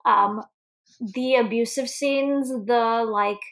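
A woman's voice: a little high, fairly even intonation, slow pace, a bit bright. A woman co-hosting a casual movie chat, blunt, laughing often and swearing freely. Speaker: podcast co-host.

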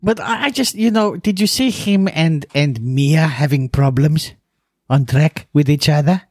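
A man's voice: a little high, a little slow, a little mellow, dry recording, clean studio sound. A man co-hosting a casual motorsport chat, trading giggly, jokey banter. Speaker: podcast co-host.

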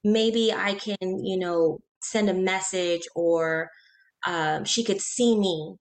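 Her voice on the low side, a woman in her thirties tells an interviewer a personal story. The delivery is earnest and halting, full of restarts and quoted lines.

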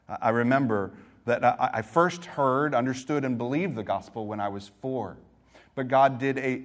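A middle-aged male pastor delivering a sermon, his voice sitting at an ordinary middle pitch. He tells a personal story in a conversational way, then rises into emphatic exhortation. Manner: storytelling preacher, shifts between quiet reflection and emphatic exhortation.

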